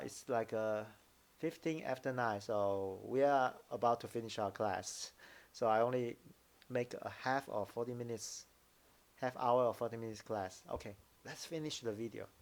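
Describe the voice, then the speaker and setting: A man with a Mandarin Chinese accent teaching a live online lesson, halting, restarting phrases and demonstrating tones out loud. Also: mid-range voice. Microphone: computer mic, video call.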